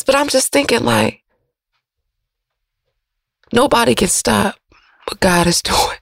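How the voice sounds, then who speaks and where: A woman radio host, giving an emotional, preachy motivational monologue that swings from loud to soft. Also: fairly high pitch, moderate pace, gravelly, long pauses, no echo, studio quality.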